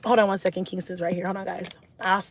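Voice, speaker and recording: A stressed woman telling a personal story to her live stream viewers in a candid, animated way, swearing freely and filling her talk with "like" and "you know.". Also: on the low side, quick pace. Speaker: vlogger talking to a live stream audience. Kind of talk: casual storytelling.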